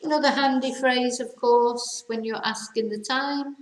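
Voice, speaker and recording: Woman, language teacher, unhurried and chatty, roomy echo. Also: a little high, fairly even intonation. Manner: chatty, repeats phrases slowly for learners. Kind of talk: casual language lesson. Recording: echoey room.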